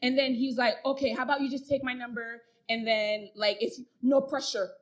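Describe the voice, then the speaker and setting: Animated young woman telling a story. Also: a little high, brisk. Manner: animated, laughs often, acts out others' lines. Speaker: podcast co-host. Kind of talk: casual storytelling chat.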